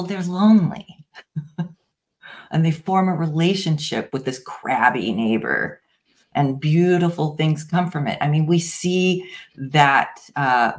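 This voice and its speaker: Slow-spoken, low-voiced woman therapist. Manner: gentle, unhurried, with many pauses and restarts. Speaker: IFS practitioner, guest. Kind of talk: explanatory interview talk.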